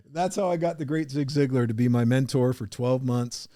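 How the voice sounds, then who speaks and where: A man guesting on a podcast, telling his own story with animated energy and acting out the people in it. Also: medium pitch, fairly quick, dry recording, clean studio sound. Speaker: podcast guest, business coach.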